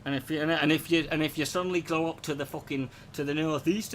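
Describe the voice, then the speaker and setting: A man's voice: a little high, brisk, hardly any pauses, fairly bright tone, a little hiss or hum. A man performing a stand-up comedy routine, rambling and profane, slipping into impressions.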